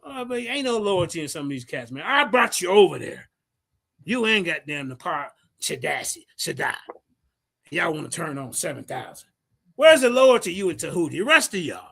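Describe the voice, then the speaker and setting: A man's voice: high-pitched, big pitch swings, normal speed, creaky, fairly bright tone. A man hosting a livestream, brash and profane, mocking rivals and reading out sources. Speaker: livestream host. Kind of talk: heated livestream rant.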